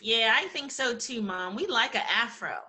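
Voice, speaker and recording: Bright-voiced encouraging middle-aged woman. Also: on the high side, animated, normal speed. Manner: encouraging, warmly complimentary. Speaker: interview guest, talent agency founder. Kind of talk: casual interview chat.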